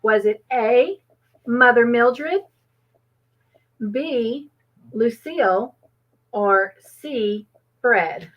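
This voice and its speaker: Woman, higher voice, slow unhurried talk, chatty and giggly, live stream host, dull lo-fi audio. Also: expressive. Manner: chatty, laughs often, reads chat names aloud. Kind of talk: casual live-stream chat.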